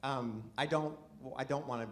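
A man doing a stand-up set, rambling and self-deprecating, swinging from mumbled asides to shouted bursts, with audience laughter behind him. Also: medium pitch, normal speed. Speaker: stand-up comedian. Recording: live club mic with audience noise.

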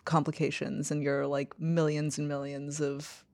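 A woman's voice: low-pitched, level tone, measured pace, darkish tone, dry recording. A woman co-hosting a casual talk show, chatting with lots of "like" fillers. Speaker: podcast co-host. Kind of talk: casual chat.

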